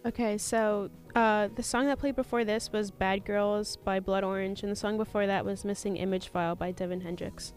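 Young woman, mid pitch, relaxed storytelling chat, faint music under. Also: moderate pace, few pauses. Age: young adult. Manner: laid-back storytelling, filler-heavy. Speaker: co-host. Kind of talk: casual chat.

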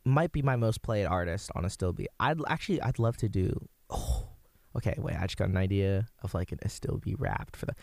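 A man's voice: sits low, very animated, fairly quick, gravelly, darkish tone, dry recording. Young male college radio DJ, upbeat and rambling between tracks, close and dry, no room sound. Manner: enthusiastic, rambling, lots of "like". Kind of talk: casual radio DJ chat.

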